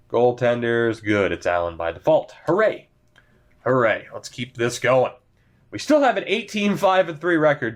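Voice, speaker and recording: A young man from New England chatting casually while he plays a sports management game, swearing now and then and talking to himself. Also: mid-range voice. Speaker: gaming YouTuber. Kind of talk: casual gameplay commentary.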